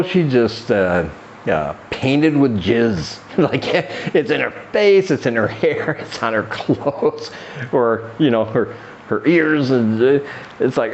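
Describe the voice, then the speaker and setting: A man's voice: lively intonation, slow pace, darkish tone, muffled recording, slight background noise. A man hosting a comedy podcast, rambling through a crude monologue and acting out quoted voices. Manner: rambling, acts out quoted voices in a raised pitch. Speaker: podcast host.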